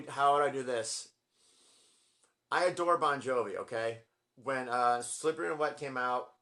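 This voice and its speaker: Man, forties, bright forceful voice, rambling and gushing, apologetic asides: collection vlogger. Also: mid-range voice. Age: 40s. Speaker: vlogger ranking his album collection. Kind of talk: casual collection vlog.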